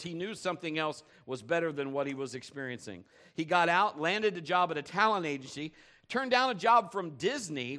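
A male pastor delivering a sermon in a relaxed, conversational style. His voice sits a little high for a man. He jokes, tells stories and keeps checking in with the congregation. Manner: conversational, joking storyteller, asks the crowd questions.

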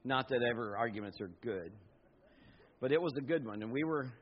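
A middle-aged man pastor preaching a sermon, telling personal stories with animated asides and quoted voices. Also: medium pitch, a little fast, slightly rough. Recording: dull lo-fi sound.

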